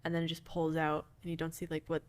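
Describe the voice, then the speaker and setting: A woman's voice: low voice, completely flat delivery, quick pace. Chatty woman podcast co-host. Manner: chatty, many fillers and laughs. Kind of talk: casual chat about a movie.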